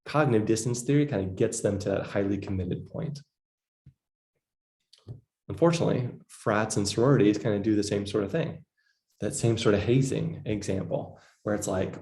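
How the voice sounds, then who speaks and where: A man's voice: fairly low pitch, a little fast, warm tone, echoey room. A man giving a casual psychology lecture, full of fillers, acting out quoted voices. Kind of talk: recorded lecture.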